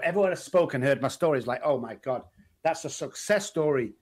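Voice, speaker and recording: A middle-aged man from England, with a Manchester accent and a voice on the high side, speaks at a normal speed as a guest in a casual interview. He tells his stories with animation, acting out the people he quotes.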